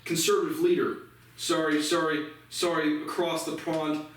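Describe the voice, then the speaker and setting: A man's voice: on the high side, level tone, moderate pace. A man hosting a casual news commentary, ranting sarcastically and swearing a lot. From United States. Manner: profane, sarcastic ranting with laughs. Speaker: commentary show host. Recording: echoey room, mic far off.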